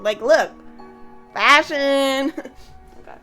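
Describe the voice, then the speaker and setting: A woman streaming a game, chatting casually, rambling and swearing, with sudden loud high-pitched complaints. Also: slow pace, pauses often, faint music behind. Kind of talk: casual gaming stream chat.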